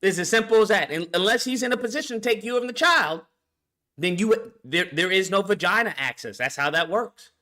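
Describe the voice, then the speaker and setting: Bright, animated man ranting. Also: high voice, fairly quick. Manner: profane, blunt, full of rhetorical questions. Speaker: vlogger. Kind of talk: ranting commentary.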